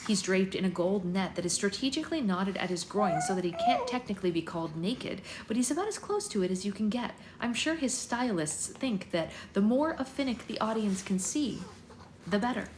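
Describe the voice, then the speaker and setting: A woman hosting a book club, reading a novel aloud at home in a measured, expressive storytelling manner. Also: mid-range voice. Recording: echoey room with background noise.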